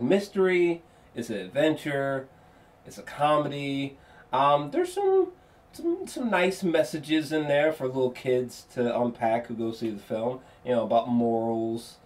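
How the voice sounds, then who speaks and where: A man giving a casual spoken film review, rambling and excitable, with lots of fillers and restarts and free swearing. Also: fairly high pitch. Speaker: movie reviewer.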